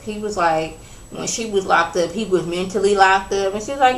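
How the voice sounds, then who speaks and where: A sassy woman talks through a casual recap in an incredulous tone, with plenty of attitude. Her voice sits at an ordinary middle pitch. The room around her is echoey. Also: animated, normal speed, slight background noise. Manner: sassy and incredulous, acting out the people she quotes. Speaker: reality TV recap vlogger.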